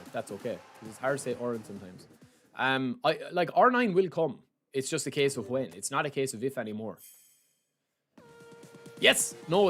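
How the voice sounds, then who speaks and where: A young Irish man streaming a game, chatty and excitable, talking to his chat as "lads" and saying he is sleep-deprived. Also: fairly high pitch. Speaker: gaming streamer. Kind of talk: live stream chat while opening game packs.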